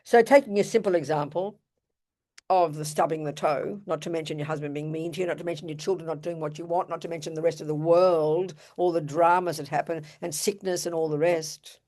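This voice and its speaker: A woman's voice: sits low, fairly even intonation, a little fast, a little mellow. An older woman giving an earnest, emphatic Buddhist dharma talk, with rhetorical asides to her audience. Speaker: Buddhist teacher.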